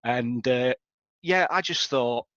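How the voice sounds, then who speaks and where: A middle-aged man, a DJ, reminiscing in relaxed, conversational chat. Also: mid-range voice, slow pace, no room sound, muffled recording. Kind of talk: casual chat.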